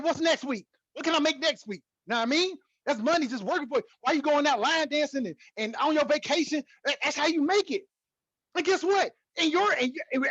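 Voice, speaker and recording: Excitable high-voiced man hyping trading. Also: no echo, muffled recording. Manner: excitable, repetitive, hypes the viewer. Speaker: trading educator. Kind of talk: casual teaching talk to camera.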